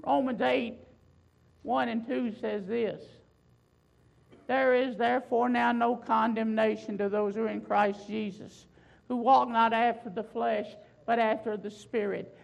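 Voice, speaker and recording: A woman preaching a sermon, building emphasis with loud swells and slow, drawn-out phrases. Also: a little high, steady tone, creaky, dull audio.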